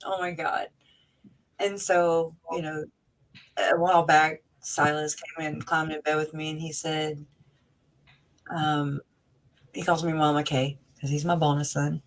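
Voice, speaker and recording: A woman with a fairly low voice talks over a video call as an interview guest. She rambles earnestly and emotionally, circling back with fillers and restarts. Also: little pitch movement, a little slow, long pauses, low-quality recording. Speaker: interview guest, family member of the victims. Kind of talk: casual conversational interview.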